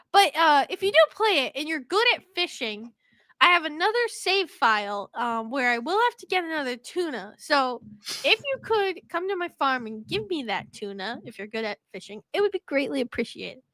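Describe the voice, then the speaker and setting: A woman co-hosting a podcast in casual chat, excitable and quick to swear and laugh. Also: high voice, no echo, studio quality. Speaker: podcast co-host.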